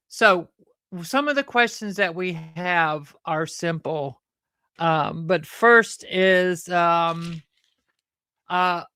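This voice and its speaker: A woman who hosts a show with her puppet and chats in a rambling, halting way. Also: on the low side, sharp tone, no echo, clean studio sound. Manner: rambling, halting, fond of fillers. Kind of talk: casual chat.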